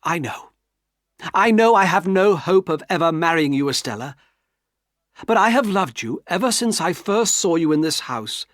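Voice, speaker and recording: A man's voice: on the high side, expressive, moderate pace, fairly bright tone, dry recording, voice pushed up. A man voicing an earnest, heartbroken young man who pleads with trembling emotion, in a dry storybook reading. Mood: pleading.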